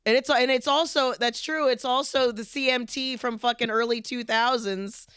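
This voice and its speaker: A woman co-hosting a podcast, telling stories in an animated, profane, casual way. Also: a little high, normal speed, clean tone, no room sound, studio quality. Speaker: podcast co-host. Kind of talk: casual chat.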